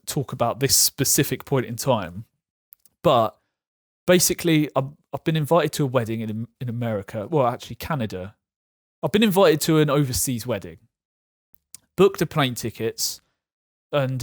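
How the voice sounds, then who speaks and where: A man talking frankly to camera about his own experience, halting and self-correcting, with light laughs. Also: medium pitch, no room sound, clean studio sound. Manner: frank, halting, laughs through hard topics. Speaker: vlogger sharing patient experience. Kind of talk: candid personal talk to camera.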